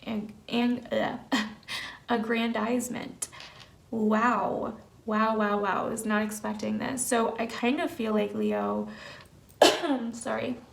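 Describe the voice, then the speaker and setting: Woman, tarot reader, earnest and emphatic, slightly high voice, gravelly. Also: a little hiss or hum. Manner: earnest, emphatic, filler-heavy. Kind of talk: casual spiritual reading to camera.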